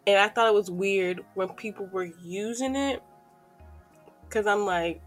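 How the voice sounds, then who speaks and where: A woman co-hosting a casual chat podcast, animated and mocking. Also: medium pitch, moderate pace, soft background music. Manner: animated, mocking impressions of slang. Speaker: podcast co-host.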